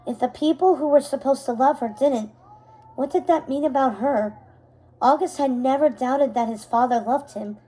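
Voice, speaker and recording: Woman reading a book aloud, high pitched but mellow, steady unhurried pace. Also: a little hiss or hum, rough recording. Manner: steady, unhurried reading with small self-corrections. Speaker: narrator.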